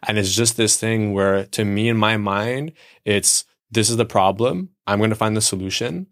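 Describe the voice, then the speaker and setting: A man's voice: lowish voice, moderate pace. A man co-hosting a podcast, talking through relationship advice in a reflective, casual way with everyday examples. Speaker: podcast co-host. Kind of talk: casual chat.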